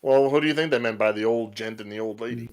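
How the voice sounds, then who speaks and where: A man's voice: mid-range voice, quick pace. A man co-hosting a casual movie watch-party chat, thinking aloud with many restarts.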